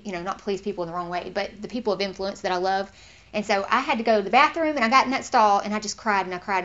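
A woman leads an informal Bible teaching, earnest and conversational. Her voice sits at a middle pitch, and she gets animated when she acts out what others say. The recording is slightly dull and lo-fi.

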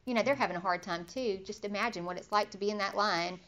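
A woman's voice: mid-range voice, quick pace, a bit bright. A woman giving an informal Bible lesson, chatty and personal, acting out little scenes and laughing as she goes. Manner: chatty, acts out quoted inner thoughts, laughs easily. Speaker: Bible study teacher.

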